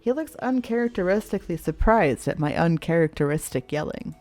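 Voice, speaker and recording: A woman's voice: on the low side, expressive, a little fast, darkish tone. A young woman streamer reading a visual novel aloud expressively, swearing freely.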